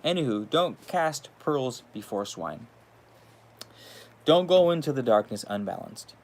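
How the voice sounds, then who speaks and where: A man's voice: medium pitch, very animated, measured pace, darkish tone. A man hosting his channel in a casual, rambling monologue, swearing freely and laughing between thoughts. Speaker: channel host.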